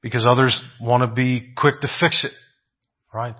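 A man's voice: medium pitch, fairly even intonation, moderate pace, highs cut off. A man preaching a sermon, asking rhetorical questions, often adding "right?" and repeating phrases for emphasis.

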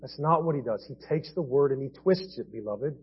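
A man preaching a sermon as pastor, earnest, swinging between quiet and emphatic passages. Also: mid-range voice, fairly quick, breathy edge. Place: church sanctuary. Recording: dull lo-fi church audio.

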